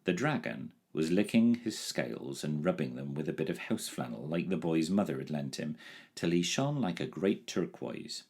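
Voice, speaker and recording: A man reading a classic children's storybook aloud in an expressive storytelling manner. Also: rumbling low, moderate pace, creaky, husky. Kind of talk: storybook read-aloud narration.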